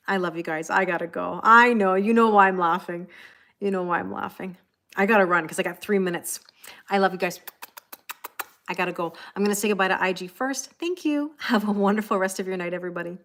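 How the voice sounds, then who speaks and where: A woman's voice: fairly low pitch, steady tone, brisk, gravelly, long pauses, a bit bright. A woman in her forties, a tarot reader, chatting on a live stream, laughing often and answering viewer comments.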